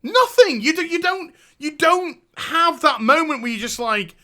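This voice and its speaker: A man's voice: extremely high pitch, animated, a little slow, hardly any pauses, pushed and bright. A man hosting his own show, delivering a profane, sarcastic, exasperated rant about a video game. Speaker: host. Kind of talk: ranting game review.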